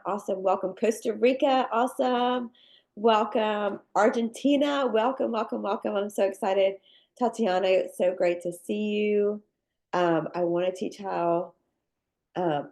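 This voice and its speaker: A woman's voice: medium pitch, gravelly, a little mellow. A woman with a head cold, her voice nasal and congested, hosting a live video-call class on cookie decorating and greeting people with upbeat welcomes and lots of fillers. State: congested with sinus drainage. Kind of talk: casual live webinar welcome.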